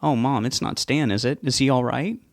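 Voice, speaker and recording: An impatient, exasperated grown son, as a man reads him aloud. The voice is pushed higher than the reader's own and carries a gravelly grain. He talks sharply, with little patience. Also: brisk, no echo, clean studio sound, lightly acted. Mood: alarmed. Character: irritated, impatient adult son.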